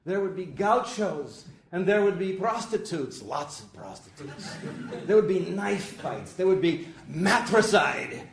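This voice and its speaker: A man impersonating a frail, elderly blind writer who is gentle and wistful, telling it in an animated, rising voice during a lecture. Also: fairly high pitch, a little slow, pitched above the performer's own voice. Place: lecture hall. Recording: echoey hall, faint noise.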